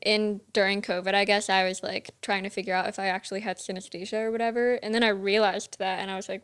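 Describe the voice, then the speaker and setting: A woman's voice: mid-range voice, steady tone, fairly quick, a bit bright, smooth. A young woman co-hosting a podcast, talking in casual chat with lots of "like" fillers. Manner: chatty, full of "like" fillers. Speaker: podcast co-host.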